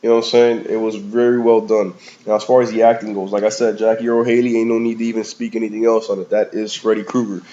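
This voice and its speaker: A man's voice: on the low side, little pitch movement, fast talker, mellow, slight background noise. A man giving a casual, rambling movie review in slangy talk, often calling the listener "man" or "bro". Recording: slightly dull lo-fi recording.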